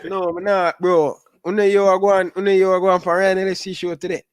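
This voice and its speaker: A man's voice: high voice, little pitch movement, brisk, smooth, no room sound. A man with a Jamaican accent chatting about a football match in laid-back patois. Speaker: football fan pundit. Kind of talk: post-match reaction chat.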